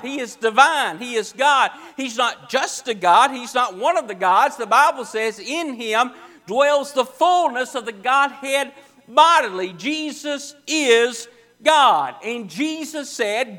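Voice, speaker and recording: Male preacher, very high voice, emphatic repetitive sermon delivery in a church. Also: pushed and bright. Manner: emphatic preaching, repeating phrases with slow stressed words. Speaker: pastor. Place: church sanctuary.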